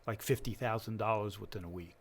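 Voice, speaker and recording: Crowd noise surrounds a middle-aged man whose voice sits on the low side and moves quickly. He works as a business lender and, chatting informally in an interview, brings his anecdotes to life by performing each line of dialogue.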